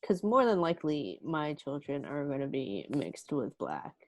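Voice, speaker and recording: A woman's voice: deep voice, wildly swooping pitch, normal speed, a little mellow, no echo. A young woman co-hosting a casual podcast, hesitant and filling with "like" and "I don't know". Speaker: podcast co-host. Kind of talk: casual chat.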